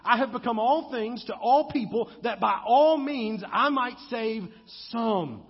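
Man, preacher, fairly high voice, husky, dull recording, long hall echo. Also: animated, measured pace. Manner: preaching with rising and falling intensity, acting out quotes. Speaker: pastor. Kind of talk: sermon.

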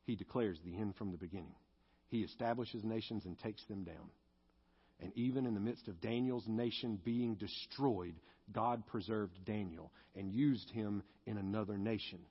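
A man's voice: fairly low pitch, moderate pace, breathy edge, highs cut off. A male pastor preaching a sermon and leading a closing prayer, earnest and confessional, at times rising into fervent pleading.

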